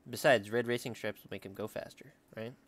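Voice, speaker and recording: A man's voice: mid-range voice, a little fast, dry recording. A young man chatting casually and thinking aloud as he draws for his vlog. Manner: relaxed, rambling, thinking aloud. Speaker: drawing vlogger. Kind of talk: casual chat while drawing.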